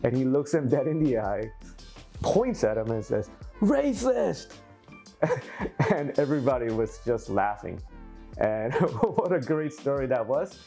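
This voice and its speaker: Male vlogger, mellow tone, animated storyteller, light music bed. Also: mid-range voice, moderate pace. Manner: animated, acts out quotes, laughs often. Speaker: aquarium hobby YouTuber. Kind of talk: casual storytelling to camera.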